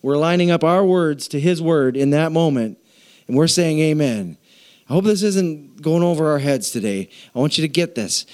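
A man preaching a sermon in a church, energetic and playful, calling out to the congregation. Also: sits high. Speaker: pastor.

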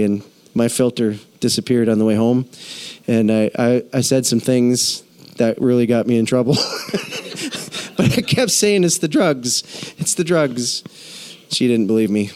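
A middle-aged man, a pastor, preaching a sermon and telling his own story candidly, his voice swinging higher when he gets emphatic. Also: clean tone. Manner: candid, confessional storytelling with lively pitch swings.

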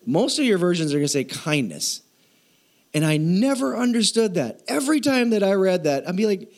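A man's voice: sits high, big pitch swings, moderate pace, a little mellow. A middle-aged man preaching a sermon in a casual, joking way, retelling the story with plenty of animation. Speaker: pastor.

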